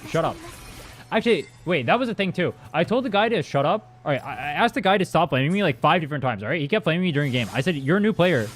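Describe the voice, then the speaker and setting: A young man streams a game and chats casually with viewers, rambling and swearing as he responds to chat. His slightly high, expressive voice comes rapid-fire with few pauses, and faint music from his playlist plays behind him.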